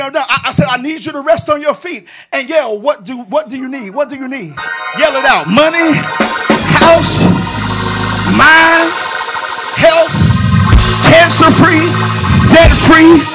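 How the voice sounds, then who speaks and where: A man preaches in a church with a strikingly high voice, his sermon lifting into a chanted, shouted cadence. He keeps calling on the congregation to answer him back. Music plays clearly behind his voice. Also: unhurried, pauses often. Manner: sing-song preaching, rising to shouted whooping cadence; call-and-response with the congregation. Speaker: pastor.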